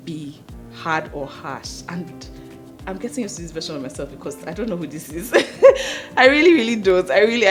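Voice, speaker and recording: A young woman, hosting a casual talk to camera about motherhood, expressive and quick to laugh, repeating words for emphasis. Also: lowish voice. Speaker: podcast host and mother.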